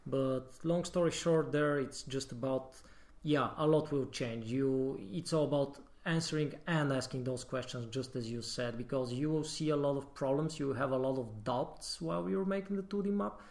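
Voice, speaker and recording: A man's voice: mid-range voice, moderate pace, a little mellow. A man, a guest level designer, explaining his working process in a casual podcast discussion. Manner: explanatory, advice-giving.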